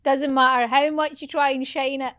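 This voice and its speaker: Dry-witted woman with a high voice. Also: little pitch movement, normal speed, a bit bright. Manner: dry, teasing, blunt. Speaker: podcast co-host. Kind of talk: casual chat.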